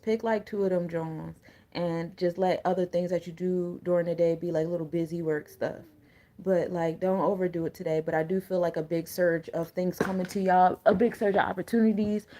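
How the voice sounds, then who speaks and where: A woman's voice: medium pitch, creaky, dark tone. A woman, an energy coach and tarot reader talking casually to her viewers, blunt and full of slang and joking asides. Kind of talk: casual spiritual reading to viewers.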